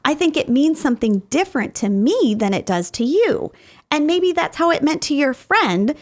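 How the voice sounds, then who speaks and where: A middle-aged woman talks as a counseling guest on a podcast, fairly high-pitched for a woman. She walks through her points with homely examples from family life, in a patient, explanatory way. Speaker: guest therapist. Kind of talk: podcast interview.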